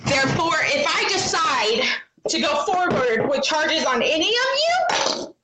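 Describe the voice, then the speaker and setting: A woman's voice: high voice, sing-song, measured pace, noisy background. A woman talking into her phone on a livestream, agitated and defiant, swearing as she tells her own story. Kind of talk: emotional livestream monologue.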